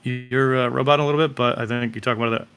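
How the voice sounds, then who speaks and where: Man, casual voice chat, laid-back, swears a lot, gravelly, bright tone. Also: medium pitch, fairly even intonation, rapid-fire, soft background music. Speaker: voice chat participant.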